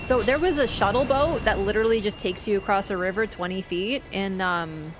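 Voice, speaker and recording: A young woman streaming a game, chatting casually and telling travel stories with animated swings into quoted voices. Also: medium pitch, a little fast, background noise. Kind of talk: casual chat while gaming.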